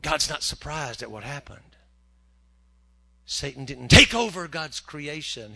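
A man preaching a humorous sermon in a folksy, joking way, slipping into quick character voices. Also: medium pitch, creaky, bright, forceful tone.

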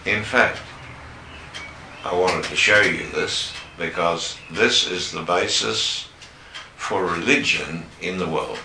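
A man preaching a sermon, slow and emphatic, pushing up on the key words. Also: low voice, gravelly, sharp tone, a little hiss or hum. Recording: echoey room with faint ambience.

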